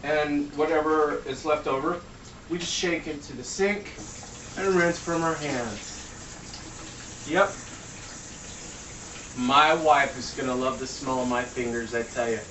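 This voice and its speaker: A man's voice: a little high, fairly even intonation, measured pace, pauses often, a bit bright, a little hiss or hum. A man giving a casual cooking demo in his home kitchen, joking around and swearing freely. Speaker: home cook. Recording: echoey room, mic at a distance.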